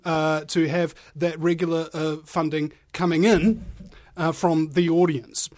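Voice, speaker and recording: A man's voice: fairly high pitch, fairly even intonation, unhurried, darkish tone, dry recording. A man hosting a live talk radio show, speaking energetically and emphatically straight to his listeners. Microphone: studio microphone.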